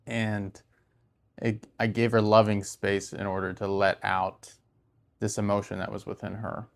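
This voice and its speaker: A man giving relationship advice in a casual talk to camera, speaking calmly and softly and letting his sentences trail off quietly. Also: lowish voice, creaky. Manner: calm, soft-spoken, trailing off quietly; laughs and raises his voice when mimicking an argument.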